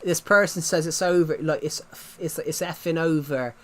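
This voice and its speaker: A man's voice: fairly high pitch, moderate pace. A man chatting casually on a livestream, rambling and often restarting his sentences. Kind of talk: casual stream chat.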